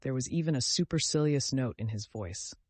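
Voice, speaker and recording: Male audiobook narrator, expressive and dry. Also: medium pitch, a little fast, husky, no room sound.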